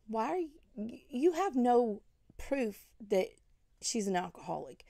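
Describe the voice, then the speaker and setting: A woman's voice: fairly high pitch, big pitch swings, a little slow, creaky, warm tone, dry recording, studio quality. A woman scolding another online creator in a commentary vlog, indignant and full of rhetorical questions. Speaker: commentary vlogger.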